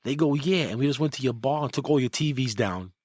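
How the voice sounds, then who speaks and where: A man's voice: fast, slightly rough, dry recording. A middle-aged man, telling a story in casual talk and acting out the quotes in it. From New York. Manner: animated, acts out quotes with rising pitch. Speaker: guest, former mob enforcer.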